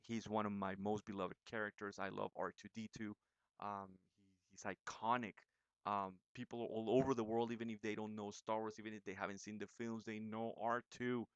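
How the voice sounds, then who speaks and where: A young man who reviews movie trailers in a casual vlog, talking in an excited, chatty way with many fillers and restarts. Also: lowish voice, brisk, clear, resonant tone, dry recording, lo-fi sound.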